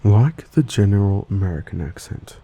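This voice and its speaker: A man with an Australian accent giving a soft-spoken, slow ASMR lesson and sometimes slipping into a whisper. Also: fairly low pitch, animated, slightly rough, no room sound, highs cut off. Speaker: ASMR host teaching accents.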